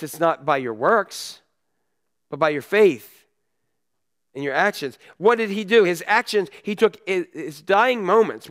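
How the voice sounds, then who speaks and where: Man, pastor type, slightly higher voice, animated conversational sermon delivery.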